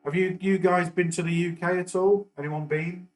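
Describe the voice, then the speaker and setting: A man's voice: high voice, steady tone, moderate pace, rough recording. Middle-aged man, live-stream host, casual and rambling, full of fillers. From northern England. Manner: rambling and chatty, with frequent fillers and restarts. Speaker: stock market livestream host.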